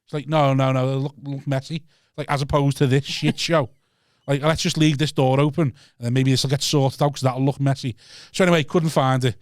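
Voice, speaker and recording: A man with a Liverpool accent telling a sweary, animated story on a podcast, acting out his own shouting. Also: mid-range voice, a little fast, no echo. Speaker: podcast co-host and stand-up comedian. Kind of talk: casual chat, storytelling rant. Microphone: studio mic.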